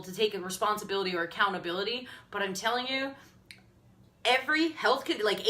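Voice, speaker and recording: A woman's voice: fairly high pitch, pushed and bright. A woman in her thirties with an upper Midwestern American accent, talking candidly and emotionally in a live video as a fitness coach. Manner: candid, earnest, tearful at times, laughs often.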